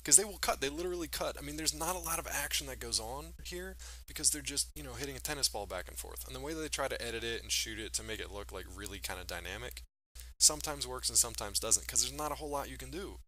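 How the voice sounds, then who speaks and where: A man's voice: medium pitch, fast talker, bright, forceful tone, a little hiss or hum, low-quality recording. A man co-hosting a podcast, chatting loosely and joking about a film he watched. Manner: joking, loose, lots of fillers. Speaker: podcast co-host. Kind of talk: casual chat reviewing a film.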